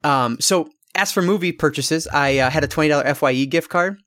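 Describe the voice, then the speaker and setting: Michigan guy, podcast co-host, fairly high voice, loose, rambling, swears freely. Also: a little fast, crowd noise. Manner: rambling, swears freely, many fillers and restarts. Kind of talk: casual chat, storytelling.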